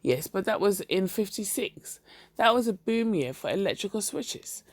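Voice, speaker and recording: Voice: mid-range voice, expressive, normal speed, dry recording, voice pushed up. A reader voicing a cheerful, pious wife who talks sweetly and patronizingly about her husband, in a storybook reading. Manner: bright, sweetly chiding.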